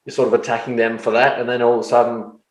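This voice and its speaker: A man's voice: medium pitch, level tone, very fast. A man hosting a podcast in casual chat, swearing and acting out quoted lines in little voices. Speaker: podcast host. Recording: roomy echo.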